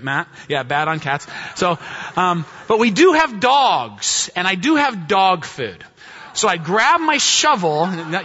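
Chatty and self-mocking, a pastor addresses his congregation with a sermon built around a humorous personal story. His voice is bright, forward and slightly high, captured in a dull, lo-fi recording with a long church-hall echo.

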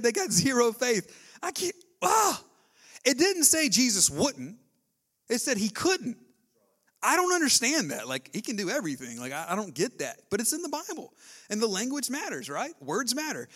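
Animated high-voiced male preacher. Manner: animated, conversational preaching with acted-out asides. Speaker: pastor. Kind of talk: sermon.

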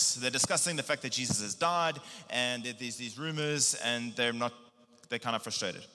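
A man preaching a casual sermon, retelling a Bible story in a lively, animated way with slang. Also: mid-range voice, normal speed, long reverb tail. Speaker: pastor.

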